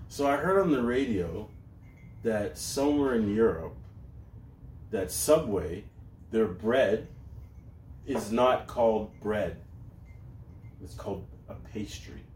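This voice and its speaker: A man's voice: lowish voice, animated, slow pace, pauses often, darkish tone, recorded from a distance. A man co-hosting a podcast, joking around in casual banter and tossing out catchphrases. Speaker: podcast co-host. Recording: roomy sound, somewhat off-mic, faint noise.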